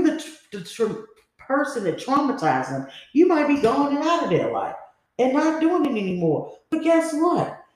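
A woman's voice: medium pitch, darkish tone. Podcast host, woman, candid and rambling, mid-range voice, heavy room echo. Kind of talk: personal storytelling monologue. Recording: very echoey room.

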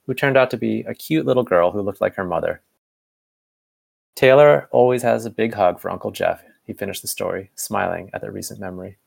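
A man reads fan fiction aloud as narrator, unhurried and plain. His voice is somewhat low and strongly gravelly, full of vocal fry. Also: no room sound. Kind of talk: amateur story reading.

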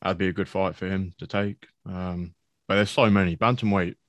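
Low-voiced chatty man, enthusiastic. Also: fairly even intonation, normal speed, no room sound. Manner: chatty, enthusiastic, says "mate" a lot. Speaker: podcast co-host. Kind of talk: casual MMA fight recap.

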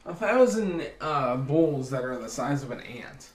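A man of middle pitch chats casually on a podcast, relaxed and quick to laugh. He puts the questions to his co-host, and the sound rings in an echoey room. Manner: easygoing, laughs often, asks the questions.

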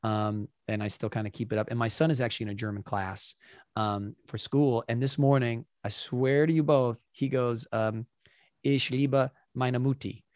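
A man hosting an interview, chatting casually and telling lively stories full of fillers. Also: mid-range voice, normal speed, dry recording, clean studio sound. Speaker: podcast host.

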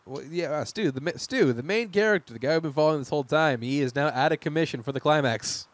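A man's voice: on the high side, fast talker, dry recording. A man in casual podcast chat, recapping a TV miniseries scene by scene, rambling and laughing with frequent restarts. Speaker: podcast co-host.

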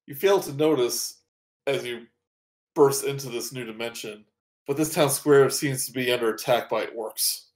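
A man running a tabletop game as game master, narrating with frequent ums and restarts. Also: medium pitch. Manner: hesitant, full of ums and restarts.

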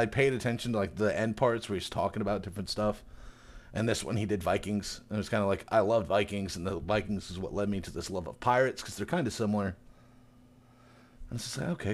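A man on a casual podcast, animatedly recapping a chapter and acting out the characters' lines with laughter. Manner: animated retelling, acting out characters with big pitch jumps and laughter. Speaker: podcast co-host.

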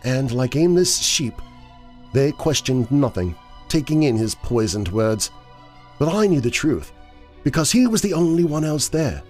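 A man's voice: mid-range voice, sing-song, a little slow, darkish tone, soft background music, pitched above the performer's own voice. A man voicing a distraught young woman in a horror story, speaking in a tearful, quivering way.

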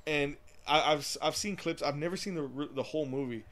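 A man's voice: a little high, fairly quick, a bit bright. A man co-hosting a casual chat show, rambling with many restarts and frequent laughter. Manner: rambling, laughs often, repeats words. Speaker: podcast co-host.

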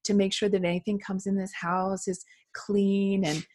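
A woman speaking in an earnest, reflective way in a casual conversation, with soft laughs. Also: mid-range voice, flat delivery, moderate pace.

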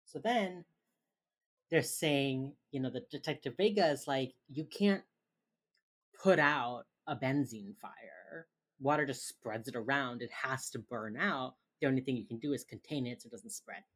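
Woman, very deep voice, casual podcast co-host, chatty recap, lots of "like". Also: unhurried, breathy edge. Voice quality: very low-pitched, relaxed storytelling with lots of "like". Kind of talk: casual chat.

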